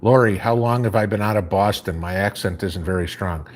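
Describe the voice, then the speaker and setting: A man with a very low voice and a faint Chicago accent hosts a live stream from home. He reads viewer comments aloud and answers them in a relaxed, rambling way. A faint hum sits under his voice. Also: fairly quick. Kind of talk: casual live chat.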